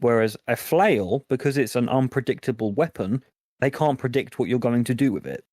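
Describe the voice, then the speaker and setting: A young man, chatting casually as a podcast co-host and telling animated stories. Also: mid-range voice, normal speed, no echo, clean studio sound. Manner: animated storyteller, acts out game characters. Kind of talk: casual chat.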